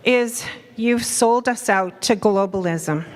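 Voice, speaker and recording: A woman's voice: mid-range voice, slow pace, slight background noise. Angry woman heckling from a hall. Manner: angry, accusing, exasperated sighs. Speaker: audience member asking questions.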